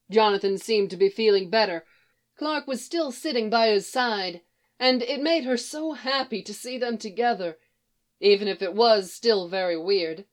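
A woman narrating a story in an even, unhurried read-aloud. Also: medium pitch.

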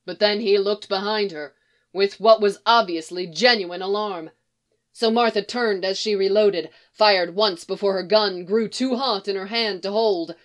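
Woman reading fiction aloud, expressive. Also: mid-range voice, unhurried. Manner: expressive, steady storytelling. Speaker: reader.

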